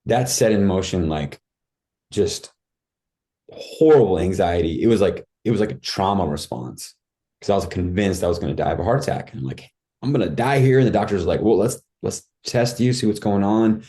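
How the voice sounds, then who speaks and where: A man's voice: deep voice, animated, fairly quick, warm tone. A man guest on a podcast, telling his life story in a candid, rambling way with many fillers and restarts. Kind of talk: casual storytelling.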